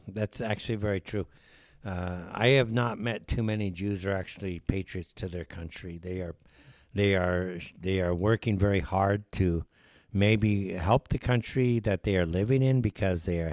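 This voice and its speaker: A man's voice: low voice, steady tone, moderate pace, a little mellow, no room sound. A man hosting a live show, ranting in heated, sarcastic commentary. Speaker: show host. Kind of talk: livestream commentary.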